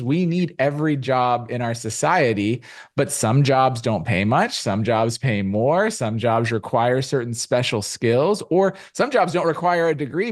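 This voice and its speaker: A middle-aged man talking as a finance guest in a podcast interview, explaining with rhetorical asides and lively emphasis. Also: on the high side. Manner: animated, explanatory, rhetorical "right?". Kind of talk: conversational interview.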